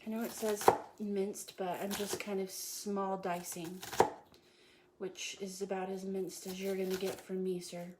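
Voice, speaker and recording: A woman's voice: mid-range voice, flat delivery, unhurried, very noisy. Woman, cooking show host, playful and punny; home kitchen with audible chopping and clicks. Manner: playful, jokey, self-praising with puns. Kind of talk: casual live cooking chat.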